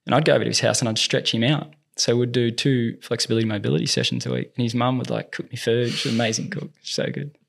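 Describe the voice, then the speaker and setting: An Australian man, a tennis movement coach, telling lively anecdotes in a casual interview. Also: mid-range voice, fast, creaky, hardly any pauses. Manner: lively anecdotes, acts out quoted dialogue.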